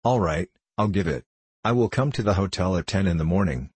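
Man reading as a bold secretive speculator, hushed, deep voice, dry audiobook. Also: animated, fairly quick, slightly rough, no room sound. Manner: hushed and eager. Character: daring male speculator, eager and secretive.

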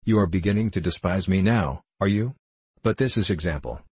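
A man's voice: low voice, a little fast, a little mellow, husky, dry recording. A man reading the part of a self-pitying, reproachful middle-aged wife in a storybook. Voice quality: complaining, reproachful.

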